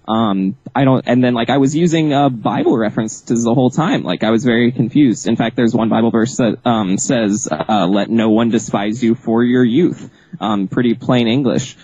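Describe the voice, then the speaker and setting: A man, the author being interviewed, telling a story in a casual, animated way, laughing often and restarting his sentences. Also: medium pitch, moderate pace, breathy edge, dry recording, highs cut off. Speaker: author guest.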